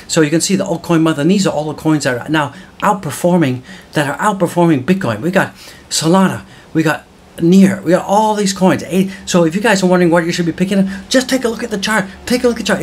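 A man hosting solo market commentary in an excited, exclamatory way, often whooping and calling out to viewers. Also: on the high side. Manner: hyped, exclamatory, whooping, calls viewers guys.

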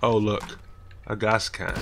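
A male gaming streamer with a lowish, bright voice, cracking jokes through a livestream. Faint keyboard clicks are heard behind him. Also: flat delivery, takes it slowly, gravelly, a little hiss or hum. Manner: wisecracking, playful. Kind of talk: livestream game commentary.

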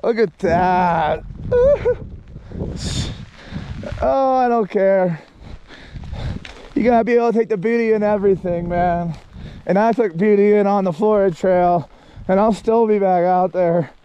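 A man with a strikingly high voice talks in a slow, drawn-out way as he hikes outdoors. He whoops, laughs and swears freely into a handheld camera while walking. There is a faint hiss of background noise. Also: lively intonation, dull audio. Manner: exclamatory, profane, laughs often, loud whoops. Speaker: long-distance hiker vlogging. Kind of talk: casual walking vlog monologue. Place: outdoors on a mountain road.

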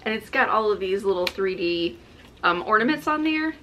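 A woman's voice: medium pitch, expressive, normal speed, bright, forceful tone, a little hiss or hum, poor audio. A woman chatting casually and gushing with delight as she unboxes gifts at home, exclaiming often. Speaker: vlogger. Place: home, indoors.

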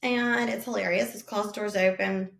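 A woman in a roomy, echoing space tells a story in a relaxed, casual way. She talks fast and loose, with plenty of "like" and restarts. She acts out the voices of the people in her story as she shares her sales tips. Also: medium pitch, gravelly. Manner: animated, chatty, many fillers, acts out quotes. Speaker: founder sharing sales advice. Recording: roomy echo.

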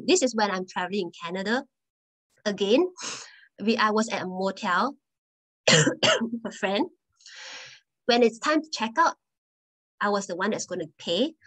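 A woman's voice: medium pitch, sharp tone, poor audio. A woman guest speaker telling personal stories in a presentation talk, conversational and earnest, often restarting her phrases.

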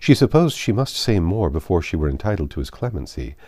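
A man reading a classic novel aloud, measured and expressive. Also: low-pitched, dry recording, clean studio sound. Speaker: audiobook narrator.

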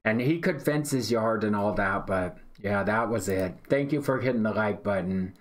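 A man's voice: on the low side, moderate pace. A man telling a long story in a laid-back, drawling way on a live stream, often repeating himself and tagging "man" onto his lines. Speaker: day-trading live streamer.

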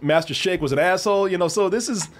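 A man hosting an interview, chatty and quick to laugh. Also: sits high. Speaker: interview host. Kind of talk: casual interview chat.

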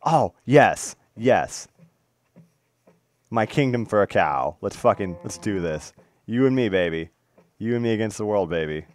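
Excitable young man with lively pitch. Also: normal speed. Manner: excitable, swearing, cooing at in-game animals. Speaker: gaming video host. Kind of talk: casual game commentary.

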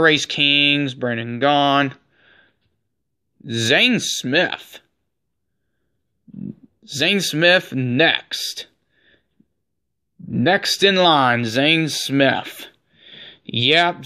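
Bright-voiced man reading off cards. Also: a little high, drawn-out words, long pauses, clear, resonant tone. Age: 40s. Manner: rattles off names in a running list; excitable, says he is shaking. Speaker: card collector opening packs. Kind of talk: casual unboxing commentary.

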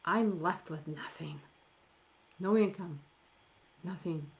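Slow, low-voiced middle-aged woman preaching. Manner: emphatic, with slow drawn-out stresses and soft near-whispered asides. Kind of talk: sermon.

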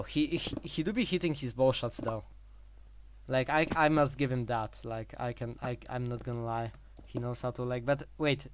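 Guy rambling thru his gameplay, tons of "like"s, laughs a lot, bit of faint noise behind. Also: medium pitch. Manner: rambling, filler-heavy, laughs between phrases. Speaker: gaming channel host. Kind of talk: casual gameplay commentary.

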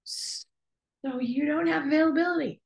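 A woman's voice: sits high, a little slow, creaky. A woman coach hosting a group call, talking casually and candidly, laughing often and swearing lightly. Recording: echoey room.

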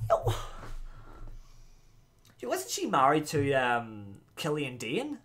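Excitable man reacting. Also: a little high, measured pace. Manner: excitable, animated, slangy. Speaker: wrestling reaction YouTuber. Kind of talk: casual video reaction commentary.

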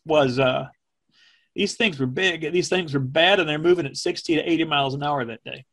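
A middle-aged man, a former television meteorologist, recalling events in a slow, measured way that turns emotional. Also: a little high, fairly bright tone. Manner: slow, measured, speaking from the diaphragm. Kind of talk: emotional personal recollection.

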